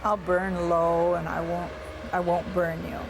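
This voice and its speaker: A woman's voice: fairly low pitch, level tone, a little slow, background noise. A woman doing a plaintive talking fire. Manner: plaintive, then gently scolding. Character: dying fire in the woods, reproachful.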